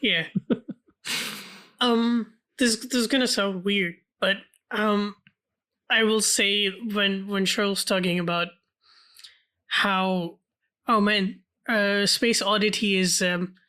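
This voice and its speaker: A woman's voice: medium pitch, steady tone, slow pace, long pauses, pushed and bright. A woman co-hosting a film podcast, speaking earnestly in casual chat with hesitant restarts. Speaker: podcast co-host.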